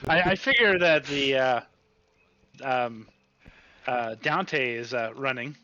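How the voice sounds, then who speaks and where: A man playing a tabletop game, halting with many fillers. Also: medium pitch, animated, bright, forceful tone, muffled recording, a little hiss or hum. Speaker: player.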